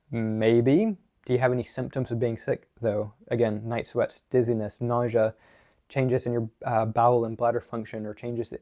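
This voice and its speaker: A running mobility coach from the southern United States speaks to camera in a mellow, mid-range voice. His instructional talk is blunt, emphatic, and strongly opinionated, and he asks questions and answers them himself.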